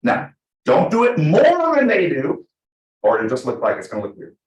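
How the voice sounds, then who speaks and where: A man at a mid pitch leads a live training class for agents. He rushes through his points and acts out client stories along the way. His voice swings widely in pitch and rings around an echoey meeting room. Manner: energetic, fast, full of acted-out examples. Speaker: real estate trainer. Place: meeting room with a small audience.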